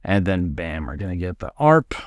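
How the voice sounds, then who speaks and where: A man teaching music production in a relaxed, upbeat way, walking through a dance track and sometimes mimicking its sounds with his voice. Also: low voice, moderate pace. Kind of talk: screen-recorded music production tutorial. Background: dance track playing faintly.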